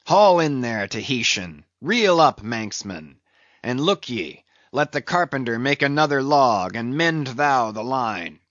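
A man's voice: mid-range voice, expressive, a little slow, hardly any pauses, fairly bright tone, no echo. A man voicing a brooding, grandiose old sea captain in a radio play, declaiming solemnly and barking sudden orders. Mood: commanding. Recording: dull, dry lo-fi recording.

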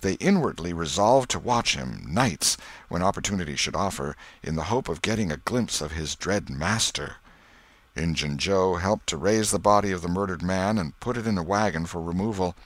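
A man with a very low voice narrates a classic novel, his pitch swinging widely as he dramatizes the scene. The reading is expressive and storybook-like. The recording is dry and close with no room sound. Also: normal speed, no echo. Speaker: audiobook narrator.

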